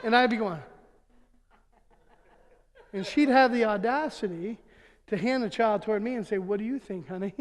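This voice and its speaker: A man preaching in a church, his fairly high voice carrying a long hall reverb. He tells funny stories in an animated way, acting out the quotes and laughing along as he goes. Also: moderate pace, long pauses. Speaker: pastor. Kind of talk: humorous sermon storytelling. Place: church sanctuary.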